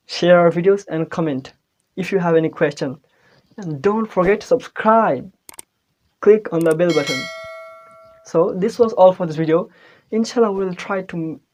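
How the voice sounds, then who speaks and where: A man's voice: fairly high pitch, darkish tone. Man casually teaching English spelling. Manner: informal, hesitant, spells out words letter by letter. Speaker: English tutor. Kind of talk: casual spoken-English lesson.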